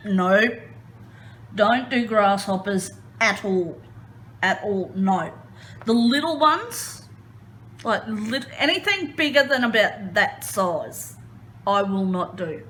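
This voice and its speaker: A woman chatting casually as she crafts, retelling a story in an expressive, animated way. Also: medium pitch, slow, pauses often, slight background noise. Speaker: crafting vlogger.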